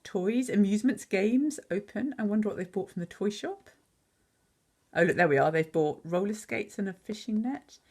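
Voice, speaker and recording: A woman teacher reading a picture book aloud, pausing to chat and quiz the listener on words. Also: mid-range voice, lively intonation, a little mellow, breathy edge. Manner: chatty, asks the listener questions.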